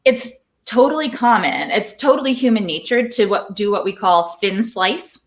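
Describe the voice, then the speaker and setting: With lively intonation and normal speed, a middle-aged woman in her role as a psychology professor explains her views to an interviewer. Her mid-range voice carries thoughtful answers, and she sometimes repeats words while gathering her thoughts.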